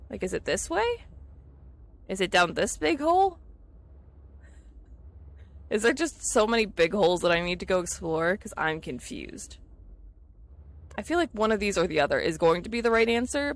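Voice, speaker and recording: Gravelly and mid-range, this woman's voice comes through as she plays a video game on stream, chatting casually with viewers. A native English speaker, she's chatty, giggly, easily distracted and laughs readily.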